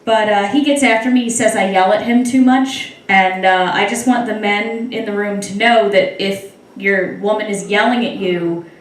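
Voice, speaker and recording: A woman's voice: mid-range voice, steady tone, normal speed, few pauses, far from the mic. Wry young woman doing stand-up in an echoey room. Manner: wry, conversational, crowd-teasing. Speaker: stand-up comedian. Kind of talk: stand-up comedy set. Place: club stage with live audience. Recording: echoey room, mic heard from afar.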